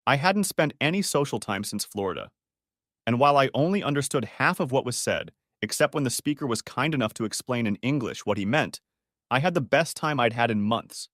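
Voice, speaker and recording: A man reading a first-person story audiobook as narrator, with steady storytelling. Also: medium pitch, fairly quick, dry recording, studio quality.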